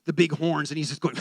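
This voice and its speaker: Animated, high-voiced male preacher. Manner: animated, excitable storyteller who acts out voices. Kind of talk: sermon storytelling.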